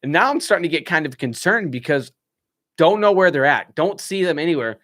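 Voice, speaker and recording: A man's voice: a little high, fairly quick, no room sound, studio quality. A young man on a live stream, casually telling a story with frequent laughs and acted-out quotes. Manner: animated, laughs often, acts out what people said.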